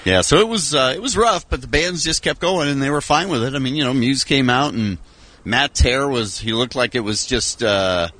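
A man's voice: mid-range voice, moderate pace, bright, forceful tone, no echo. A man telling long, wry, rambling stories in a casual radio chat from a studio. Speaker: radio show regular.

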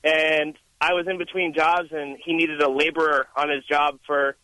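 A man's voice: on the high side, level tone, normal speed, sharp tone, dry recording, poor audio. A young man calling into a radio show, telling a story hesitantly with many ums. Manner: hesitant, lots of uh and um. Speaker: caller. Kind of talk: phone-in story.

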